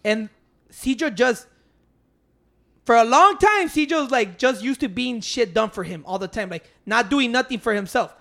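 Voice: mid-range voice, lively intonation, normal speed, vocal fry, sharp tone. A speaker telling a rambling story in casual chat, swearing and acting out what others said.

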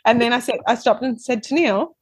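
A woman's voice: fairly high pitch, little pitch movement, fast talker, no echo. A woman co-hosting a podcast, teasing her friend in a chatty, storytelling way. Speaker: podcast co-host. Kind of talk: casual chat.

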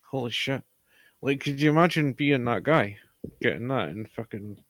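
A man's voice: medium pitch, lively intonation, normal speed, dry recording. A young man chatting casually, laid-back and sweary, often answering with short reactions. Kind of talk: casual chat.

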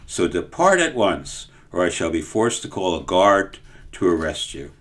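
A man voicing a rough, brusque palace servant who gives gruff commands. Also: deep voice, big pitch swings, moderate pace, fairly bright tone.

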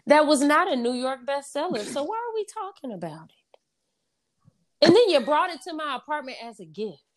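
Animated, laughing woman podcast host. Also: high voice, normal speed. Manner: animated, laughing, acts out film characters. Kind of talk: casual chat.

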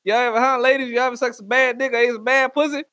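A man with a high-pitched voice delivers a profane comedic rant, talking bluntly and crudely to his listeners as if handing out advice. The sound is dry and close, with no room echo. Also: fairly even intonation, fast, pushed and bright. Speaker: comedic ranter.

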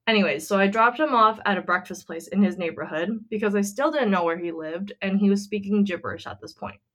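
A woman's voice: mid-range voice, fairly quick, fairly bright tone. A woman co-hosting a casual podcast, retelling a friend's story in a chatty way with lots of fillers. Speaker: podcast co-host.

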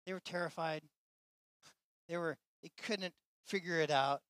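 A man preaching a sermon to his church with passion, swinging between loud, emphatic lines and quiet, hushed ones. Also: a little high, a little slow, pauses often, clear, resonant tone, no room sound. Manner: impassioned, swinging from loud to soft. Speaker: pastor.

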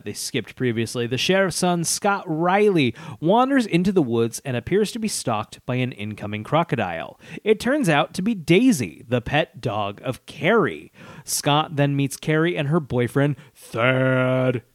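Lively-voiced man on a podcast. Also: medium pitch, moderate pace, no echo. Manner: laughs often, reads plot summary aloud with asides. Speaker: podcast co-host. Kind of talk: casual podcast chat.

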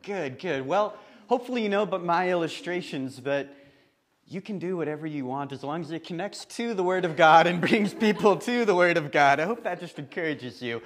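A man preaching a sermon in church, chatty and lively, with laughing asides. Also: fairly high pitch, fairly quick.

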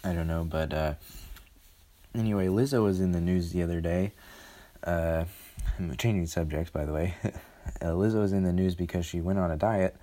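Brief: low, warm-toned male host, rambling casual commentary. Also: steady tone, moderate pace. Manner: rambling, lots of uh fillers. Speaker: podcast host.

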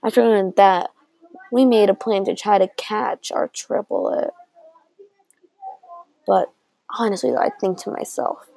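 Gravelly-voiced young woman rambling through a story. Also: medium pitch, measured pace, pauses often, mellow, dry recording, poor audio. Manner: rambling, with restarts and quoted dialogue. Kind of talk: telling a made-up story aloud.

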